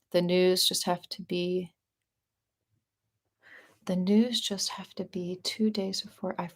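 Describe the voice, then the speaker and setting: Chatty young woman with a sore throat. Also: on the low side. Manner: chatty, upbeat, many fillers and restarts. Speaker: vlogger answering live chat. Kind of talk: casual live-stream chat.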